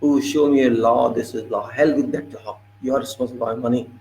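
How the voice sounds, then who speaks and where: A man delivers an impassioned monologue, his gravelly voice rising in indignation as he lectures and repeats himself. A faint hum sits under the recording. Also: medium pitch, steady tone, brisk, a little mellow, poor audio. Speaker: political commentator.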